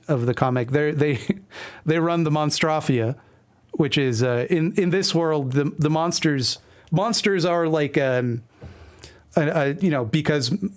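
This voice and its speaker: Rambling man with a higher voice. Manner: rambling, self-mocking, many fillers and restarts. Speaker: streamer host. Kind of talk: casual commentary while reading a comic aloud.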